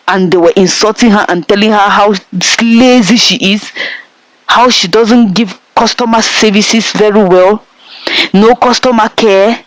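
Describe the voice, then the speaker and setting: Speaking a little slowly at medium pitch, a Nigerian-accented reviewer recaps a film's plot casually, repeating himself for emphasis and commenting straight to his audience. The audio is dry and of poor quality.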